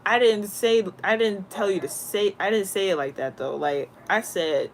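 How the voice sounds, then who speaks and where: A woman in a casual, slang-filled spiritual talk, rambling and animated as she tells stories. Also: mid-range voice, normal speed, slight background noise. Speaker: spiritual content creator.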